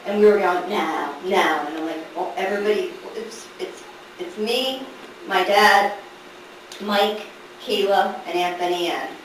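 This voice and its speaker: A middle-aged woman telling a family story to a live audience, animated and laughing through the funny parts. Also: mid-range voice, a little slow. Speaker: daughter telling a story at a gathering. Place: large echoey room at a family gathering. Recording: echoey room, far from the mic, background noise.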